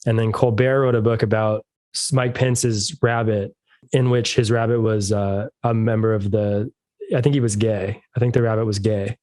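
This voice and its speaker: Male guest, 30s, deadpan storyteller, dark mellow tone, dry close mic. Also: lowish voice, normal speed, no echo. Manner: deadpan, monotonous delivery. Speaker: podcast guest, musician. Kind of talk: casual storytelling chat.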